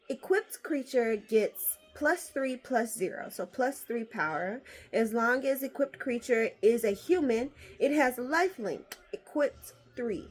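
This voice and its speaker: Excitable high-voiced woman opening cards. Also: takes it slowly, hardly any pauses, soft background music. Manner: excitable, swearing, swings from hushed to squealing. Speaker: card collector opening booster packs. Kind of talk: casual unboxing vlog.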